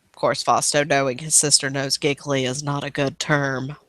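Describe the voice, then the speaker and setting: A woman's voice: rumbling low, level tone, normal speed, fairly bright tone, dry recording. A woman narrating a tabletop role-playing game as game master, casual and rambling with many fillers.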